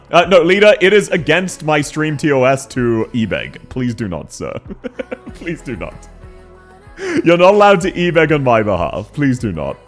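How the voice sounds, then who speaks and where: Giggly guy streamer chatting with his chat, super bouncy voice swinging all over, faint music behind. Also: mid-range voice. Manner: giggly, manically upbeat, reads chat aloud. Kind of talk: casual live-stream chat.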